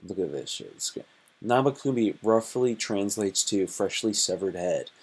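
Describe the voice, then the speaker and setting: A man's voice: on the low side, big pitch swings, moderate pace, gravelly, darkish tone, slightly rough. A man hosting his own live stream, rambling and joking in a profane, repetitive way. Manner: joking, profane, repeats himself.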